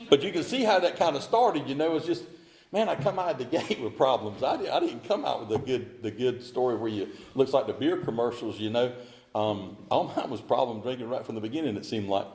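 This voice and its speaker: A middle-aged man, telling his story as a speaker at a recovery meeting in a folksy, animated way. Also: mid-range voice, roomy sound.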